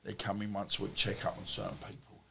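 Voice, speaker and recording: A man's voice: lowish voice, completely flat delivery, fast, gravelly, bright, forceful tone, slight background noise. A middle-aged man, a former boxer and podcast guest, telling casual stories in a rambling, anecdotal way full of asides. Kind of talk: casual storytelling.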